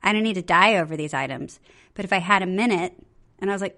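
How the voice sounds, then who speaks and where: A woman's voice: on the low side, pushed and bright. A woman co-hosting a casual podcast who reads out listener questions and answers them in a chatty, playful way. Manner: chatty, playful, quick to joke. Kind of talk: casual chat.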